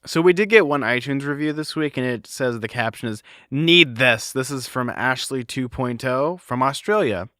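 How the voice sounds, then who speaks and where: Brief: male podcast co-host, chatty, smooth, dry close sound. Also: mid-range voice, animated, moderate pace, few pauses, fairly bright tone, dry recording. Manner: filler-heavy, chatty with lots of "like". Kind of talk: casual chat.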